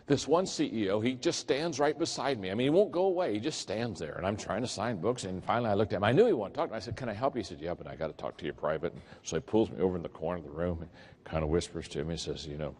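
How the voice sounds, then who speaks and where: A man giving a leadership keynote, telling stories in an animated way and acting out the quotes. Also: lowish voice, very fast, slightly rough. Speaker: leadership speaker. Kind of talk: keynote storytelling. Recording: echoey hall.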